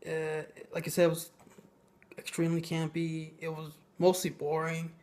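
A man's voice: a little high, completely flat delivery, moderate pace, a little mellow. Blunt sarcastic man ranting. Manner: blunt, hesitant, many fillers, sarcastic. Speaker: film reviewer. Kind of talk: casual ranting review.

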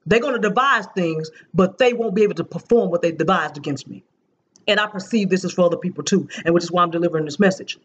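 A woman with a husky, breathy voice delivers an earnest sermon about a prophetic dream. She leans hard on key phrases and comes back to them again and again. The sound is dull and lo-fi, with the top end rolled off. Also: fairly low pitch, fast talker. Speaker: apostle and prophetic preacher.

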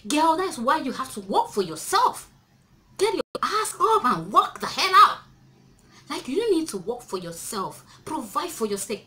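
A young woman with a Nigerian accent making a reaction vlog, exclaiming loudly and mixing in Nigerian Pidgin. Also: medium pitch. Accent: Nigerian English. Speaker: YouTuber. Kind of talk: reaction video rant.

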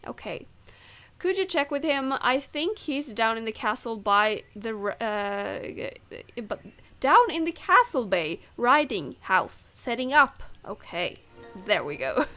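A woman's voice: a little high, big pitch swings, slow pace, bright, forceful tone, soft background music. A woman who is not a native English speaker, chatting casually over gameplay and laughing off her own misreads. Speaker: gamer.

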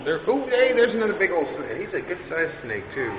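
Joking dad filming a zoo on phone. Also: male voice, high voice, sing-song, a little fast. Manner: playful, joking about tasty animals. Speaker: vlogger filming a zoo visit. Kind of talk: casual live-streamed commentary. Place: zoo reptile house. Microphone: phone camera. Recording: echoey, muffled phone stream with noise.

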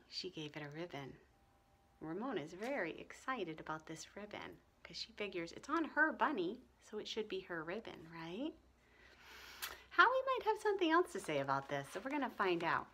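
A woman's voice: fairly low pitch, big pitch swings, normal speed, bright, forceful tone, a little hiss or hum. A woman reading a storybook aloud to children, asking them friendly questions. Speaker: reader for children.

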